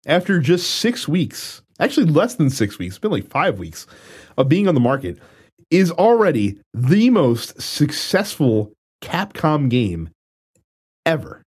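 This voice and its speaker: A man co-hosting a gaming podcast, with a voice that swings widely in pitch. He chats in loose, casual banter and laughs often. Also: sing-song, a little slow, darkish tone, breathy edge. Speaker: podcast co-host.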